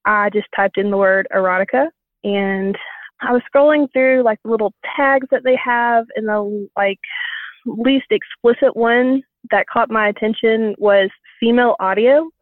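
A woman in her thirties calls in to a podcast and tells her story in a candid, chatty way. She sounds tinny and dry, as if on a phone line, and her voice is a bit high. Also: a little slow, no room sound. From Savannah, Georgia, US. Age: 30s. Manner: candid, chatty, lots of fillers. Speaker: caller. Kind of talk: telling her story on a call-in show. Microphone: phone call.

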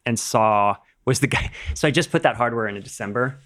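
A middle-aged man guesting on a podcast, with a voice in the middle of the usual pitch range. He tells stories in a relaxed, chatty way, bringing his tales to life by acting out what people said, and he often breaks into laughter. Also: brisk. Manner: animated, acts out quoted dialogue, laughs often. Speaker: podcast guest, rock climber. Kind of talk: casual storytelling chat.

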